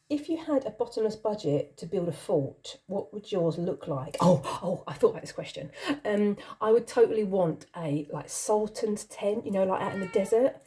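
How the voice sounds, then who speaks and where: A woman's voice: mid-range voice, warm tone. A middle-aged woman chatting casually as she answers a list of questions, rambling, giggly and self-deprecating. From not from the country she lives in. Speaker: channel host.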